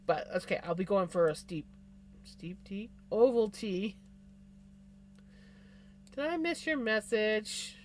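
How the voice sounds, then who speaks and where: A streamer, chatting casually with viewers on a live stream from home in a relaxed, unhurried way, with sighs and yawns. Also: mid-range voice, a little hiss or hum. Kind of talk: casual livestream chat.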